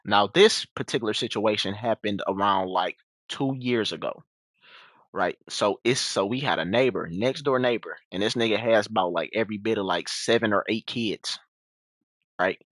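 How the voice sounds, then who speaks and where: Young man telling a slangy, animated story. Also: normal speed, dry recording. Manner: animated, slangy, acts out quotes in a high voice. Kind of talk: casual storytelling monologue.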